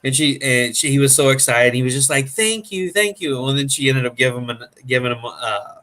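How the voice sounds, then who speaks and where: Man host, casual chat, mid-pitched, rambling storyteller, lots of fillers. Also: little pitch movement, fast, a bit bright. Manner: rambling storyteller, acts out quoted voices.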